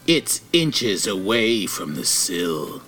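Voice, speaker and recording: A man's voice: low voice, very animated, slow, fairly bright tone, faint music behind. A man giving dramatic, suspenseful scripted narration for an audio comedy.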